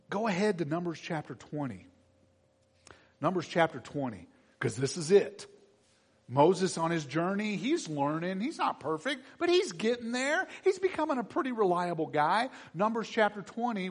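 A man preaching a sermon in a bright, animated way. His voice sits a little high and swings widely as he acts out the voices in the story. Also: unhurried. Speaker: pastor.

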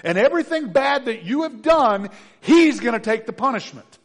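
A man voicing God as a loving father, speaking slowly and tenderly to his child. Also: very high-pitched, expressive, pitched above the performer's own voice, heavily acted. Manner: slow, tender, emphatic.

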